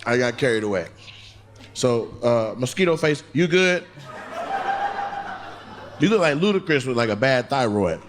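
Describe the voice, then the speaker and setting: A man's voice: mid-range voice, expressive, moderate pace, long pauses. A man doing stand-up crowd work on a club stage, brashly and profanely teasing audience members into a handheld mic. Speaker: stand-up comedian. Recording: noisy live club recording.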